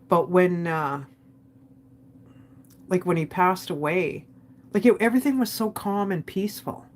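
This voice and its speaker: A woman with a somewhat low voice recounts a personal family story straight to the camera. She talks candidly, scattering "like" through her sentences and acting out what each person said. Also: unhurried. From Canada. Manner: candid, emotional retelling with many "like"s. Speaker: vlogger.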